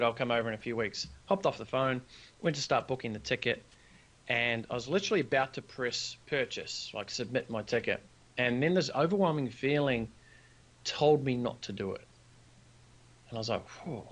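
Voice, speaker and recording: A man, a business founder telling a personal story as a podcast guest, earnest and acting out the dialogue. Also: mid-range voice. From New Zealand. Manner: earnest, animated storyteller who acts out quoted dialogue.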